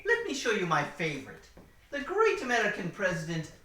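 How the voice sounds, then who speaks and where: A woman's voice: mid-range voice, huge pitch swings, fairly quick, a bit bright. A woman voicing a pompous, theatrical villain professor who insults her henchman. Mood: scheming. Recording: echoey room, distant mic.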